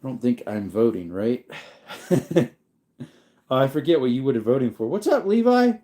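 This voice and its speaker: Mellow-voiced sleepy man chatting casually. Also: mid-range voice, a little slow. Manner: relaxed and rambling, reading comments aloud. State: sleepy, yawning. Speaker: livestream host reading viewer chat. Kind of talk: casual chat.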